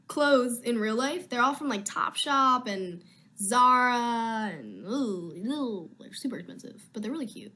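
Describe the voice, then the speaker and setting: A woman's voice: a little high, expressive, unhurried, sharp tone. A young woman actress chatting casually on a live video stream from home, answering fan questions in a rambling, easily sidetracked way.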